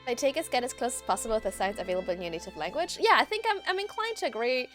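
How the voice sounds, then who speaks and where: A woman's voice: on the high side, big pitch swings, racing, fairly bright tone, soft background music. A woman streamer whose first language is French, chatting casually and rambling over a game she is playing. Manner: chatty, rambling, laughs easily. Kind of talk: casual gameplay commentary.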